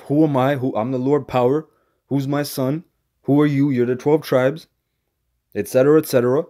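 A man's voice: medium pitch, dark tone. A man preaching to camera as a street preacher, in a profane, combative rant that stumbles into repeats and ends phrases with "man". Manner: halting repetitions and stammered restarts.

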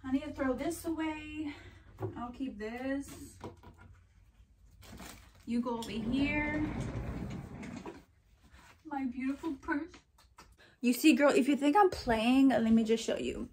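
Young woman, excitable haul vlog chat, slightly high voice, faint background hiss. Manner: chatty and excitable, addresses viewers as girl and y'all. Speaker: vlogger.

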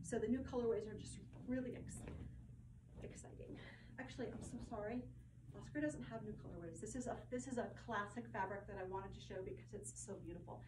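A woman presents fabrics in a casual, gushing way, repeating her praise and pausing on ums. Her voice sits at an ordinary middle pitch. A faint hiss of noise runs under the recording. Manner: effusive, gushing, repeats words, many ums. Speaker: host presenting fabric collection. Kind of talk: casual product showcase.

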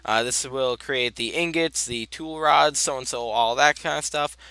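A man's voice: medium pitch, normal speed, pushed and bright, clear, resonant tone, dry recording. A young man giving casual, rambling commentary over his gameplay, full of fillers as he walks through each step. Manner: rambling, many fillers, talks through steps. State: hiccups. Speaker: gaming channel host.

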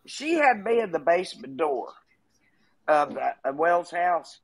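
A woman's voice: deep voice, big pitch swings, a little slow, no room sound, poor audio. A woman hosting a casual livestream chat, talking in a heated, emphatic way.

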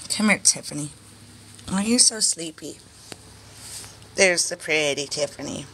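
A woman with a lowish voice talks slowly and softly on a live stream, coaxing her sleepy pets in gentle baby talk. A faint hum sits behind her. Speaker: chinchilla breeder streaming live. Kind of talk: casual live stream talking to pets and viewers.

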